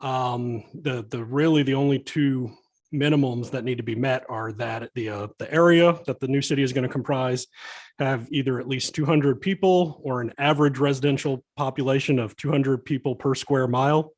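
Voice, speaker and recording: A man's voice: medium pitch, normal speed. A man explaining minimum legal standards to a committee in a plain, explanatory way, with some restarts. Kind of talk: explaining statute at a hearing.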